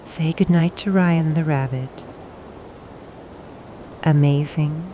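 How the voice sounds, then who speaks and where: Slow, soft-spoken woman reading bedtime stories. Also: low voice, steady tone, a little hiss or hum. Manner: soft and soothing, pausing for the child to answer. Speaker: bedtime story narrator. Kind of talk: gentle bedtime storytelling for toddlers.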